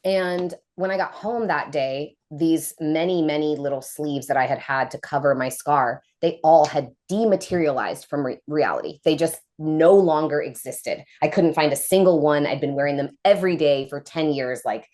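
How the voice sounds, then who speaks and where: Low-voiced woman telling a story. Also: normal speed, hardly any pauses. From United States. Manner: animated, acts out quoted voices. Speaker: podcast guest. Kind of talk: casual storytelling interview.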